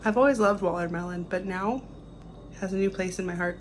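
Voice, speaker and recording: A woman's voice: medium pitch, brisk, slight background noise. A young woman talking casually in a home vlog, rambling with lots of "like" and restarts. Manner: rambling, many fillers and restarts. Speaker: vlogger. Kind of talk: casual confessional vlog talk. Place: home kitchen.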